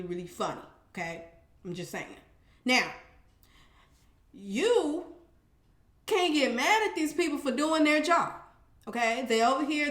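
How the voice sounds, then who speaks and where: A woman's voice: a little high, a bit bright. A woman giving a blunt, sassy, casual recap of a reality show, swearing and talking straight to her viewers. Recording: roomy echo.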